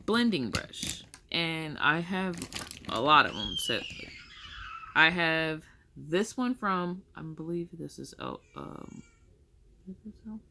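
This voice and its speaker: A woman's voice: sits low, vocal fry, background noise. A young woman chatting casually through her makeup tutorial, rambling and correcting herself as she goes. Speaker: makeup vlogger.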